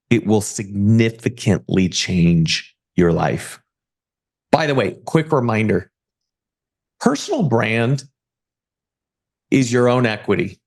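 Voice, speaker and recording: A man giving a motivational talk and sales pitch about personal branding, with punchy rhetorical questions. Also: a little mellow. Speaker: personal branding agency owner. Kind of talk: live presentation pitch.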